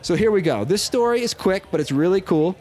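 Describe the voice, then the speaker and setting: A man's voice: high-pitched, brisk. A man hosting a podcast, telling a story to his co-hosts in casual chat; he rambles, corrects himself and laughs often. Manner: excitable. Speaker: podcast host.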